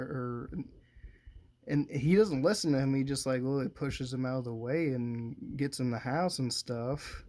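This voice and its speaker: A man's voice: mid-range voice, fairly even intonation, unhurried, darkish tone. Brief: male vlogger, casual profane movie rundown, rambling and chuckly. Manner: profane, laughing often, loose and meandering. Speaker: movie commentator.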